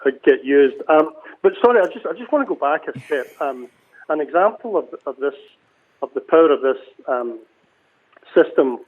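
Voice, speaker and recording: A man's voice: on the high side, expressive, moderate pace. A Scottish man, a cemetery chief, chatting as a guest on a radio call with frequent restarts. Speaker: cemetery CEO, phone guest. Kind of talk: casual radio interview. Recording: phone line.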